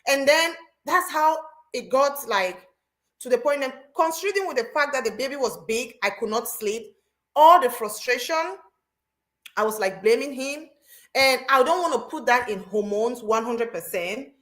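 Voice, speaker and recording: Woman hosting, fairly high pitch, lively storyteller who repeats phrases. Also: normal speed. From Cameroon. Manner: animated storytelling, repeats herself. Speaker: host. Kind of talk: casual chat.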